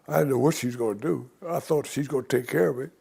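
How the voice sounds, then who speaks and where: An older man with a gravelly, somewhat husky voice tells his life stories at a steady pace. He rambles a little and slips into the voices of the people he quotes. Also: mid-range voice, quick pace. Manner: rambling anecdotal storyteller who acts out quoted voices. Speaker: interview guest. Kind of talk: storytelling in an interview.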